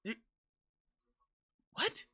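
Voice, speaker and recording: A woman's voice: drawn-out words, pushed and bright. A woman livestreamer chatting casually, rambling and stumbling over restarts as she reads and answers viewer messages. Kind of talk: casual chat while reading viewer messages.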